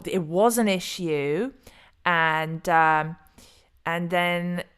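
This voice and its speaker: A middle-aged woman talks casually to her viewers in a slightly low voice. She rambles along in a chatty way, restarting sentences and stumbling over names as she goes. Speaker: crypto video host. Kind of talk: casual solo commentary.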